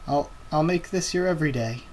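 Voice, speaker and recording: A man voicing a brash young male pirate captain as he reads a comic aloud, with energetic declarations in a plain reading voice. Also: a little high, a little fast, a little hiss or hum, lightly acted, rough recording. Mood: bold.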